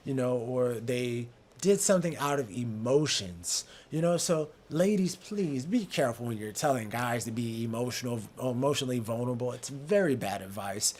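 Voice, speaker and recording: A man's voice: mid-range voice, animated, normal speed, few pauses, a little mellow. A man hosting a podcast in casual talk, earnest and stumbling over repeated words as he builds his points. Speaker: podcast host.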